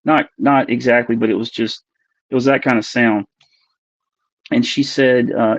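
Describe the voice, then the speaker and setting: A man in his forties, a guest earnestly recounting a personal experience in a halting way as he searches for words. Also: medium pitch, fairly even intonation, no echo. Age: 40s. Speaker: podcast guest. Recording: dull, lo-fi dry recording.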